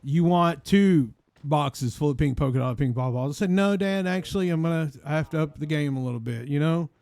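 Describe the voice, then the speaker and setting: Long-winded man spinning a deadpan yarn. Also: on the high side, brisk. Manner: long-winded, deadpan, repetitive shaggy-dog telling. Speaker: role-play gamer telling an in-character story. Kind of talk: rambling in-character storytelling.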